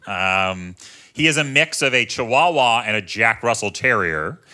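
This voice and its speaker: A man, doing a stand-up comedy set on a club stage with self-mocking, animated delivery. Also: mid-range voice. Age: 30s.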